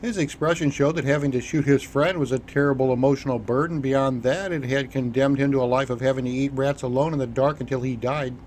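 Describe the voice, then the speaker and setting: A man narrating an audiobook in an even, measured reading style. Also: medium pitch, slight background noise. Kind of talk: scripted narration.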